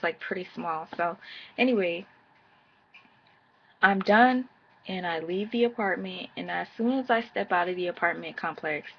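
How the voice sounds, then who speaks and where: A woman's voice: lowish voice, vocal fry, slightly rough, muffled recording. A woman around thirty telling a personal story to camera in casual slang, acting out the quoted dialogue. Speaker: vlogger.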